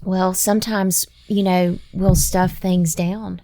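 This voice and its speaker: A woman podcast host, interviewing gently and affirming her guest. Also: on the low side, level tone, slow pace. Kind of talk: conversational interview.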